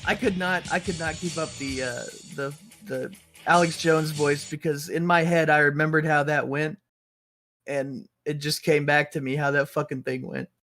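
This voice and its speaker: A man co-hosting a casual stream, explaining himself in an animated, laughing way. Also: fairly high pitch, moderate pace, faint music behind. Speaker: co-host.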